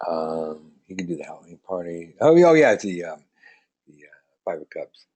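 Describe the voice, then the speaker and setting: Man, tarot teacher, live online lesson, chatty, joking, low voice. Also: big pitch swings, normal speed, a little mellow. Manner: chatty, rambling, joking, reads out viewer comments.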